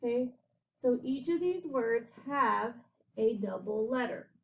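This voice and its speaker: A woman teaching a phonics lesson to children, enunciating slowly and clearly and often checking in with "okay?". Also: a little high, animated, slight background noise.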